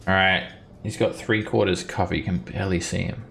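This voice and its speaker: Gravelly deep-voiced man narrating a game. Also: fairly quick. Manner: chuckling, relaxed descriptive narration with fillers. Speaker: dungeon master.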